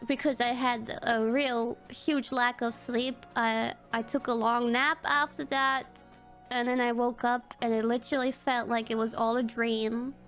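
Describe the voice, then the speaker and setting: High-voiced woman rambling through a story. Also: little pitch movement, unhurried, fairly bright tone, soft background music. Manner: rambling, filler-heavy retelling with frequent "like", swearing and nervous laughs. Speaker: streamer. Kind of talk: casual storytelling on a livestream.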